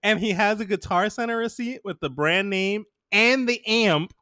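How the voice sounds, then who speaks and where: A man's voice: sits high, moderate pace, no room sound, clean studio sound. Laughing young man telling a story. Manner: animated storyteller, laughs often, quotes people. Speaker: podcast co-host. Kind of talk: casual chat.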